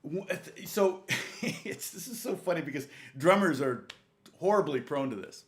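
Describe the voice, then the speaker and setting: Laughing often and addressing viewers by name, a man gives a rambling, talkative guitar lesson on a live stream while guitar plays in the background. He speaks a little slowly, in a fairly high, animated voice.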